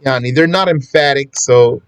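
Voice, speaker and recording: An Islamic studies teacher gives a classroom lesson on prayer drawn from a law text, walking through it step by step and reciting Arabic quotations before translating them. His voice is medium in pitch and clean, at a moderate pace with no room sound. He teaches in a plain, conversational way, with asides to his students.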